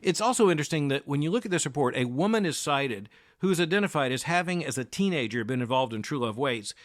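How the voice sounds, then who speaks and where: A middle-aged man from the United States hosting a daily news commentary, speaking in a measured, emphatic way with deliberate pauses. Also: fairly high pitch, lively intonation, no room sound, studio quality. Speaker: podcast host.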